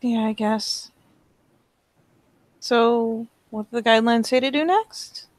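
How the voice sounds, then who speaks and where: A woman's voice: on the high side, slow, no echo. A woman playing a tabletop game, describing her character's actions in third person. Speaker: player.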